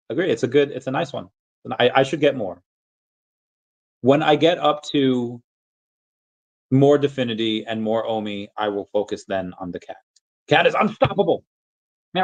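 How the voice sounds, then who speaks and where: A man hosting a casual livestream, reading viewer comments aloud and reacting emphatically, his voice jumping high when excited. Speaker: livestream host.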